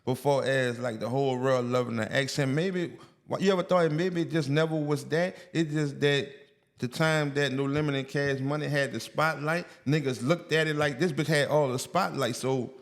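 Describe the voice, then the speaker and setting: A man's voice: medium pitch, steady tone, normal speed. A man with a New Orleans accent, co-hosting a podcast in blunt, emphatic casual chat full of street slang. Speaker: podcast co-host.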